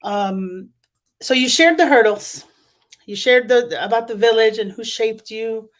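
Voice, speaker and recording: A woman's voice: fairly high pitch, a little slow. A woman hosting a casual interview, asking questions and encouraging her guest. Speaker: interview host.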